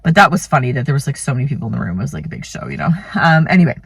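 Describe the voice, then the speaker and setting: This is a thirties-aged mom and vlogger recounting her birth story, chatty and meandering, peppered with "like" and "you know." Her voice sits extremely low, with vocal fry and huskiness, and she talks in a very animated, rapid-fire way on a dry recording.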